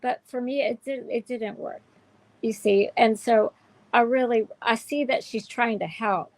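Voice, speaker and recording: Earnest woman with a gravelly voice. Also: fairly high pitch, a little slow, poor audio. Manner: heartfelt, emotional, many restarts. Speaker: show host. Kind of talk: candid livestream chat.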